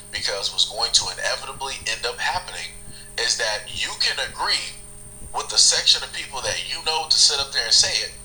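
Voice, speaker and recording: A man's voice: mid-range voice, sharp tone, rough recording. A man giving rambling casual commentary, repeating his phrases.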